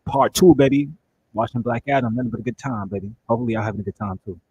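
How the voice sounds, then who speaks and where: In a casual movie reaction, a man chats enthusiastically and speaks straight to his viewers in a loose, talkative way. His medium-pitched voice is a little mellow and races along, captured on a muffled recording with slight background noise.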